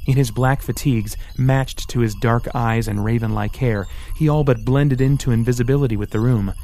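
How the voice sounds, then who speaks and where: A man narrating an audiobook in steady scripted storytelling. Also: medium pitch, moderate pace.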